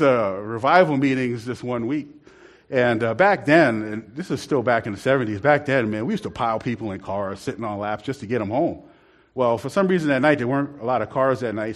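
A man telling a rambling church story in a casual, laughing way. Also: mid-range voice. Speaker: church member telling a testimony.

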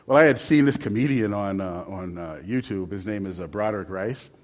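A man's voice: lowish voice, a little fast, darkish tone. A man telling a rambling church story in a casual, laughing way. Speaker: church member telling a testimony.

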